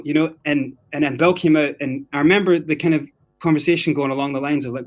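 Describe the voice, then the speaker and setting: A man's voice: a little high, fairly quick. A man from Scotland telling a story on a casual podcast, swearing freely and acting out the things people said to him. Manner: animated, profane, acts out quotes. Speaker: guest storyteller.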